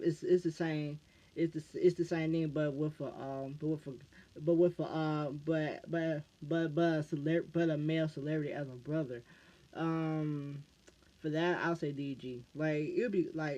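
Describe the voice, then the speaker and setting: A man's voice: on the high side, warm tone. An American man answering fan questions in a casual vlog, stumbling and restarting his phrases again and again. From United States. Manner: halting, restarts phrases over and over. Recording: dull lo-fi recording.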